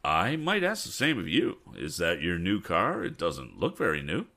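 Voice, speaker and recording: A man voicing a cheerful young male bank cashier in a storybook reading, with a raised, lively voice. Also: low voice, moderate pace, gravelly, heavily acted.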